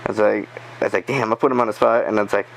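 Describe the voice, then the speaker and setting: A man telling a story in a casual podcast chat, animated, swearing and acting out the quotes. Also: lowish voice, very fast, gravelly, slight background noise, rough recording. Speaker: podcast guest.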